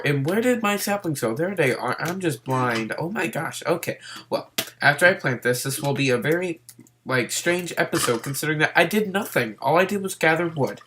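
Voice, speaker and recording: A man's voice: on the high side, animated, normal speed, fairly bright tone, a little hiss or hum. A man giving casual let's-play commentary while he plays, rambling in a hyper, silly way. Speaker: gameplay commentator.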